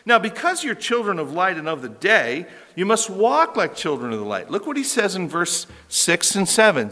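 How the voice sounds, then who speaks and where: A man's voice: sits high, sing-song, moderate pace, few pauses, pushed and bright. A man preaching an expository sermon as pastor, emphatic and repeating key phrases for stress, recorded in a church hall.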